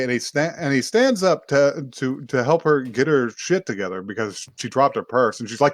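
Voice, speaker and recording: A man's voice: medium pitch, moderate pace, few pauses, dry recording. Profane rambling man, dry close mic. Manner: rambling, profane, laughs often. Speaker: podcast co-host. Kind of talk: casual chat recapping an anime.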